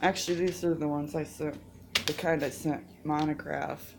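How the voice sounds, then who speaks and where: A woman's voice: sits low, little pitch movement, moderate pace, gravelly, darkish tone, slight background noise. A woman gardening vlogger sounding stuffy and congested, chatting in a rambling, self-interrupting way outdoors in her garden. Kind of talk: casual chat.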